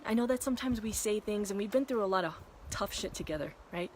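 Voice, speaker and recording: A woman in her thirties talks straight to her viewers in a candid, rambling way, swearing now and then. Her voice sits at an everyday pitch for a woman. Clear background noise runs under the home recording. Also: animated, fast talker. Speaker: vlogger and mother. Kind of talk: casual confessional vlog. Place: vacation cabin in the mountains.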